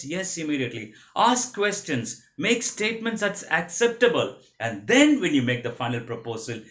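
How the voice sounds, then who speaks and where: A man's voice: on the high side, fairly bright tone. A man giving a training lecture on persuasion, explaining principles in a didactic way and repeating the key points. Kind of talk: motivational training talk.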